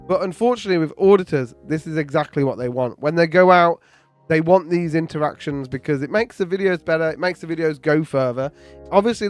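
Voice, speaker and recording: A man's voice: fairly high pitch, clear, resonant tone, dry recording. British man commenting casually over music. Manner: casual, opinionated, laughs along. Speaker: commentary host. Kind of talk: reaction commentary.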